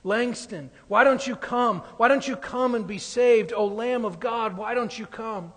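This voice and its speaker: Man playing a revival preacher, pleading, repetitive appeals, high-pitched, long hall echo. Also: a little slow, a bit bright, husky, exaggerated voice. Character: pleading old-time male revival preacher.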